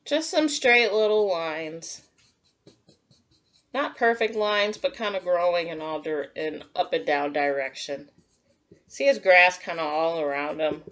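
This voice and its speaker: A woman teacher giving a gentle, encouraging drawing lesson to young children and talking through each step as she draws. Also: fairly low pitch, a little slow. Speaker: kindergarten teacher.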